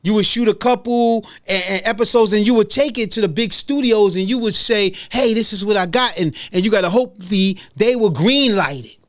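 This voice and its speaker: A man's voice: high voice, moderate pace, hardly any pauses, no room sound. A middle-aged man hosting his own podcast alone, talking straight to listeners in a repetitive, emphatic way, recorded in a small studio. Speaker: podcast host. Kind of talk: solo podcast monologue.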